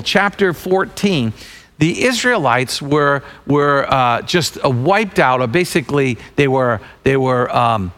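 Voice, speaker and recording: A man preaching a sermon as pastor, emphatic and building up to shouted calls to action. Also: fairly high pitch. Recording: long reverb of a large hall.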